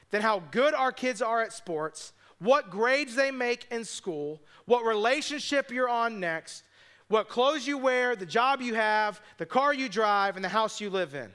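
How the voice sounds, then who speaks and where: A male pastor preaches a sermon. His voice sits high and sounds bright. He tells the story with quick asides and voices the people in it. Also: expressive, clean tone.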